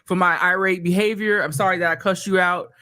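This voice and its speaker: Woman cohost on a podcast, bright voice, super deadpan and dry, sarcastic. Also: lowish voice, fairly quick. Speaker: podcast co-host. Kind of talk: casual chat.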